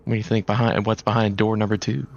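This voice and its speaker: A man with a low, gravelly voice trades jokes as a player in a casual tabletop game. His voice chat audio sounds dull and lo-fi. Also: level tone, fast talker, a little mellow, slight background noise. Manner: joking, playful banter.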